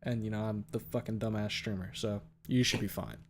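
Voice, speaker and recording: A man's voice: fairly low pitch, steady tone, fairly quick, a little hiss or hum. A man hosting a stream, chatting in a laid-back, self-deprecating way. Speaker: streamer host. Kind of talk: casual chat.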